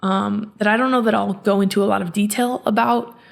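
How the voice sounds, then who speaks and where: A woman hosting a personal storytelling podcast, speaking in a reflective, halting way with many restarts. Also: medium pitch, fairly even intonation, gravelly. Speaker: podcast host.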